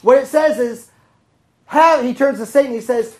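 A woman's voice: high-pitched, moderate pace, a little mellow, low-quality recording. A woman teaching scripture to a congregation in a conversational sermon, often checking in with the room through questions. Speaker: Bible teacher.

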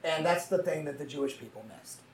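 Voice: mid-range voice, expressive, a little fast, a little hiss or hum. Bible teacher in a roomy, distant recording. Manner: checks in with listeners using tag questions. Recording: roomy, mic far from the speaker.

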